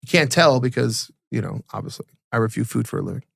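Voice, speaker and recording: Gravelly-voiced man, casual podcast chat. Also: fast, no echo, studio quality. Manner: animated storyteller, acts out quotes in a higher voice; repeats and restarts words. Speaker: podcast co-host.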